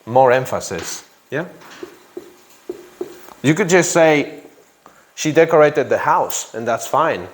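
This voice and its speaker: A man's voice: mid-range voice, lively intonation, takes it slowly, long pauses, a little hiss or hum. A man teaching an English grammar class in a classroom, repeating example sentences and asking students questions.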